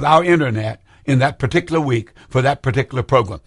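Gravelly older man preaching on air. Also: mid-range voice, animated, fast talker, few pauses, dry recording, studio quality. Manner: fervent, rambling, urges listeners to call. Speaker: radio preacher hosting call-in show. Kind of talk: preaching call-in broadcast.

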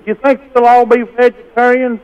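A man's voice: extremely high pitch, level tone, moderate pace, clean tone. A man calling in to a radio show, plain-spoken and a little hesitant as he asks his question. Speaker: caller. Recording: muffled phone line.

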